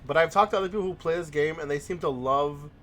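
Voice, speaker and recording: A man's voice: on the high side, fast talker, a bit bright. A young man hosting a let's play, chatting in a rambling, casual way with frequent restarts. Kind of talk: casual gaming commentary.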